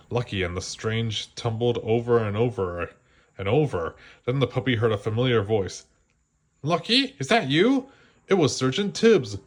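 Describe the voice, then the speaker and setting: A man reads a bedtime picture book aloud to children at a medium pitch. He keeps his narration gentle and slows down at the suspenseful moments. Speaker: storybook reader.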